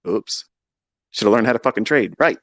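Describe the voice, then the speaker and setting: A man ranting crudely and mockingly as a trading educator, swinging from low mutters to loud outbursts. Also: a little fast, dry recording. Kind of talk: profane rant.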